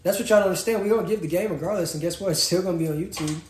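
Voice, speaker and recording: A young man, co-hosting a casual live-stream chat in an animated, slangy way. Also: racing. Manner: animated, slangy, jumps from loud to low. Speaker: podcast co-host. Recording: roomy echo, faint noise.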